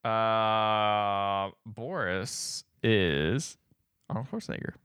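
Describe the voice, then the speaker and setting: A man's voice: fairly low pitch, extremely slow, fairly bright tone, clean tone, no echo, clean studio sound. A man co-hosting a podcast, casually retelling a movie plot and acting out the characters' lines. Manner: rambling storyteller who acts out lines. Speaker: podcast co-host. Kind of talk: casual chat, recapping a movie.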